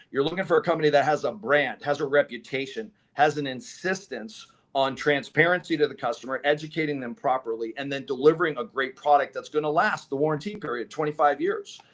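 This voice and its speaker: A man, a solar company co-owner, telling stories in a casual interview, acting out other people's lines and laughing as he goes. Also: on the high side. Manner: animated, acts out dialogue with laughs.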